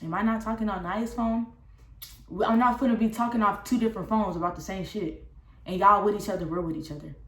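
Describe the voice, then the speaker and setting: A young woman telling a casual storytime vlog, recounting a falling-out in a candid, profane and animated way. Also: medium pitch, brisk. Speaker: vlogger. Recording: roomy echo.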